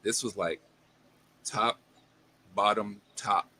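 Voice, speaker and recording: Man, casual chat, emphatic and salty, bright forward tone. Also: lowish voice, slow, slight background noise. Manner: emphatic, profane complaining.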